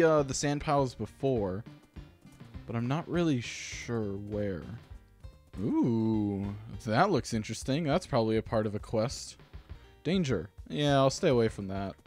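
A man hosting a gaming channel, giving rambling, self-deprecating let's-play commentary with sudden excited outbursts. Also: medium pitch, measured pace, faint music behind.

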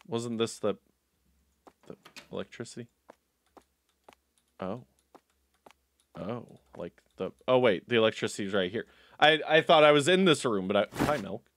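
A man's voice: lowish voice, a bit bright, a little hiss or hum. Sarcastic young man joking through a game. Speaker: gaming YouTuber. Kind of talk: let's play commentary. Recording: game music behind the voice. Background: game music.

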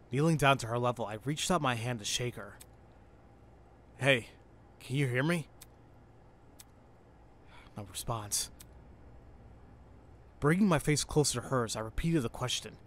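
Excitable man reading a game aloud. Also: medium pitch, measured pace, pauses often. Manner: excitable, swears and exclaims at the game. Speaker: let's play host. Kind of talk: reading a visual novel aloud with commentary.

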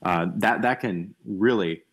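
Young guy with a lowish voice giving a chatty lecture on a voice call, lots of ums and restarts, blunt opinions. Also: takes it slowly, slightly rough. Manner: thinking aloud, many restarts and ums, opinionated asides. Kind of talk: casual online lecture over voice chat. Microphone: computer mic on a voice call.

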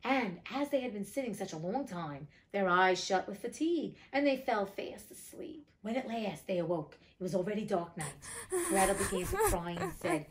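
A woman reading a fairy tale aloud and breaking off for blunt, profane, indignant commentary, her pitch swinging widely. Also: expressive, normal speed, slight background noise. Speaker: audiobook reader and host.

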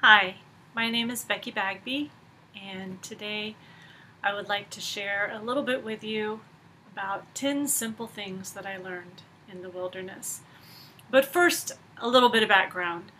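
A woman giving an earnest, storytelling faith talk, often letting her phrases trail off softly. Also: medium pitch, unhurried, a little hiss or hum. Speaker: conference speaker.

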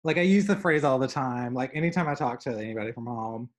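Chatty Southern man, lively storyteller. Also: mid-range voice, fast. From American South. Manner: animated storyteller, many fillers. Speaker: artist guest. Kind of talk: casual conversation.

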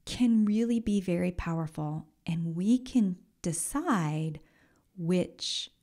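A woman hosting a solo podcast as a coach, talking in a gentle, encouraging way and often dropping into a soft whisper. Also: on the low side. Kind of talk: reflective solo podcast talk.

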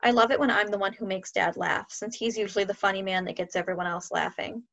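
A woman reading a children's novel aloud in a steady, clear storytelling voice. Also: mid-range voice, quick pace. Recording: dull lo-fi sound.

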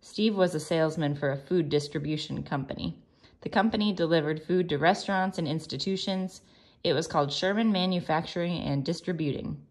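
Calm woman teacher reading aloud. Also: low-pitched. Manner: calm, measured, soft-spoken narration.

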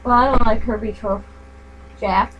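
A woman's voice: a little high, fairly even intonation, normal speed, fairly bright tone, dull audio, slight background noise. An older woman with a grandmother's manner, chatting and rambling while crafting at home. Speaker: craft vlogger. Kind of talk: casual chat while crafting.

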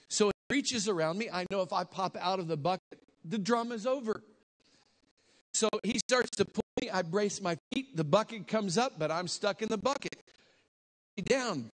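A man preaching a sermon as a lively story, acting out the people in it with sudden shouts and stretched-out words. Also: high-pitched. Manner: animated, acts out voices with shouts and drawn-out words. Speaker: guest preacher.

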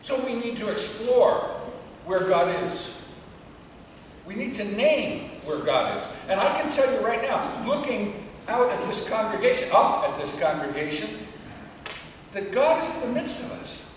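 A woman priest giving a conversational sermon to a congregation, dropping to a hush when she tells a story. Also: mid-range voice, sing-song, measured pace, a little hiss or hum. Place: church before a congregation. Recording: echoey church from far off.

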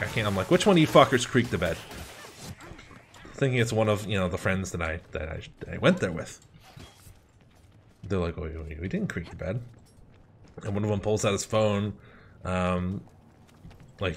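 A young man hosting a gaming channel, casually commenting on gameplay and telling a story, animated and swearing with lots of fillers. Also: fairly low pitch, slight background noise.

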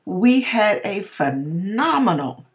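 A woman giving a personal faith testimony, telling her story in an emphatic, expressive way with churchy exclamations. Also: mid-range voice, slow. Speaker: hairdresser sharing a personal testimony.

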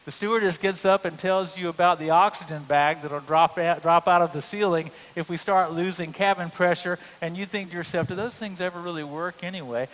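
A man's voice: high-pitched, fairly even intonation, a little fast, hardly any pauses, fairly bright tone. A male pastor, preaching a sermon in a humorous, conversational storytelling way. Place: church sanctuary. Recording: long church reverb.

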